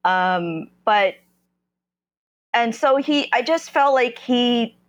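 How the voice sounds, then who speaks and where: A woman from New Jersey, a podcast guest, telling her personal story candidly in a halting way, often stopping and restarting as she searches for words. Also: on the high side, expressive, dull audio.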